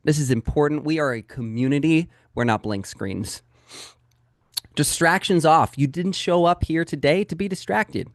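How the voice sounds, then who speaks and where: A man's voice: on the high side, normal speed, dry recording. Brief: upbeat male coach, dry close sound. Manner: energetic and emphatic, talks straight to the audience. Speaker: real estate sales coach. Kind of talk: live training webinar.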